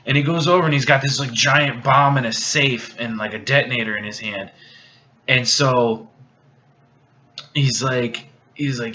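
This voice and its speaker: Drunk guy, halting rambling plot retelling, bright sharp voice, muffled lo-fi recording, light hiss. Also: mid-range voice. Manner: halting, rambling, many restarts and fillers. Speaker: video host.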